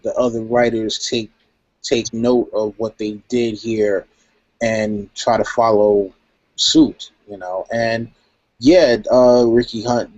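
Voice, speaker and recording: A man's voice: mid-range voice, darkish tone, no room sound. A man talking casually in a live chat, laid-back and rambling with "you know" and "um". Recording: dry, dull lo-fi stream audio.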